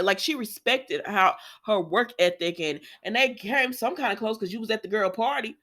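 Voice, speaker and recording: Bright-voiced chatty woman recapping. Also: mid-range voice, normal speed, few pauses. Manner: chatty, animated, laughs easily. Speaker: soap opera recap host. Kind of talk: casual recap chat.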